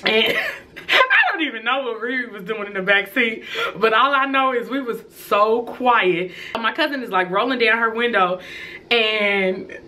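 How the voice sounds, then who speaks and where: A young woman with a bright, forceful voice tells a personal story in a casual, animated way. She speaks a little higher than most women and breaks into laughter now and then. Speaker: storytelling vlogger.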